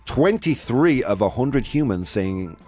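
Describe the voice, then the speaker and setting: A man hosting a casual live-streamed chat show, jokey and animated, reading viewer comments aloud. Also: medium pitch, measured pace, faint music behind. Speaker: show host.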